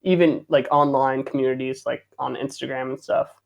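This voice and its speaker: A man hosting a podcast, chatting casually and encouragingly with halting fillers. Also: mid-range voice, level tone, gravelly.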